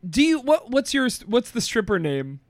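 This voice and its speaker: A podcast co-host chats playfully and laughs often. The voice swings widely in pitch. It is recorded close and dry. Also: sing-song, normal speed, no echo. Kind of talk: casual chat.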